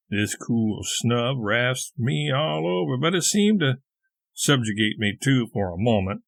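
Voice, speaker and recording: A male audiobook reader telling a classic story in a measured, even way. His voice is gravelly, of middle pitch, and recorded close and dry with no room sound. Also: no echo. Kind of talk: reading a classic short story aloud.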